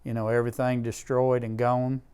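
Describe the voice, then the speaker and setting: A man's voice: mid-range voice, level tone, normal speed, darkish tone. A middle-aged man telling heartfelt stories about disaster relief in an interview. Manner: earnest, emotional storyteller with Southern grammar. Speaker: disaster relief charity leader. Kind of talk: interview storytelling.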